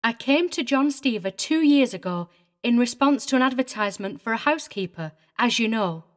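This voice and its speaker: A woman's voice: a little high, expressive, brisk, close to an everyday voice. A woman voicing a prim, tearful older female governess who speaks with fussy, indignant precision. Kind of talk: audiobook character reading.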